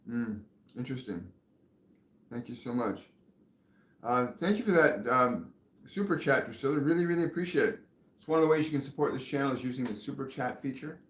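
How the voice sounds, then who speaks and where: A man hosting a live spiritual question-and-answer stream, speaking gently with pauses and fillers and sometimes falling almost to a whisper. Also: mid-range voice, animated, reverberant. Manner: soft-spoken, gentle, pauses and fillers, drops to near whisper at times. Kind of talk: live-stream channeling and reading viewer questions.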